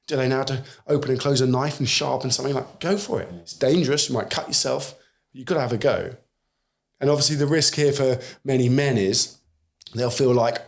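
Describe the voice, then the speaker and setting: A man's voice: medium pitch, steady tone, fairly quick, vocal fry. A British man in his forties, a podcast guest who talks animatedly and acts out bits of quoted dialogue. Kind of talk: conversational podcast interview.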